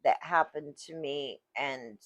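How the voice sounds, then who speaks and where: A woman vlogger talking about her life in a casual, reflective monologue, halting and searching for words, recorded on a phone. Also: low voice, no echo. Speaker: vlogger sharing personal story.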